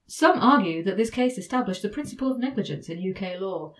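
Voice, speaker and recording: A woman's voice: mid-range voice, animated, a little fast. A woman hosting a casual podcast. She talks in a chatty, easygoing way and laughs often as she walks through a legal case. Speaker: podcast host.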